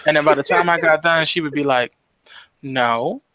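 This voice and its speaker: A man's voice: a little high, normal speed, dry recording. A young man co-hosting a casual podcast, telling stories with lots of swearing and acting out the people he quotes. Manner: animated storytelling, heavy swearing, acts out quoted voices. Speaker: podcast co-host.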